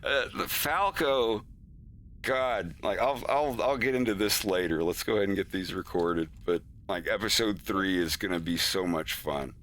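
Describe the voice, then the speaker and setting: A man's voice: low voice, normal speed, fairly bright tone. A man chatting casually on a stream about his cartoon's scenes, rambling, laughing often and acting out his characters' lines. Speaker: animator streaming his work.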